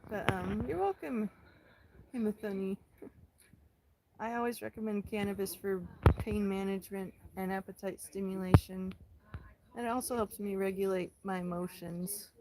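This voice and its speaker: Woman in her thirties with vocal fry. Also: medium pitch, heavy background noise. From Central California. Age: 30s. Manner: calm, unhurried, answering chat comments one by one. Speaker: livestream host. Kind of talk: casual chat with livestream viewers.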